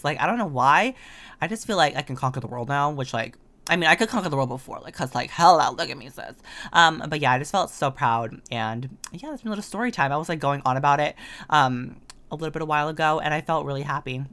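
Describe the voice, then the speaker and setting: A man's voice: fairly high pitch, sharp tone. A teenage boy chatting in a sassy, gushing way, heavy on filler words, as a casual voice-over for his own video. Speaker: gaming video creator. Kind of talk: casual voice-over chat over gameplay. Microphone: desk condenser microphone.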